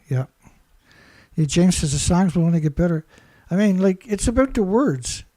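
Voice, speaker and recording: High-voiced man, mocking and sarcastic. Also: expressive, unhurried, dark tone, no room sound. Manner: mocking, laughing, rhetorical questions. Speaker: environmental commentator. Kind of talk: sarcastic solo commentary.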